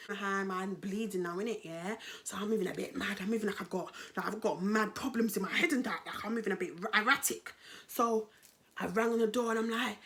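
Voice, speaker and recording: Animated young London woman telling a story. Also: mid-range voice, brisk. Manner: animated, slang-heavy storytelling that speaks to viewers as guys. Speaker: vlogger. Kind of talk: storytime vlog.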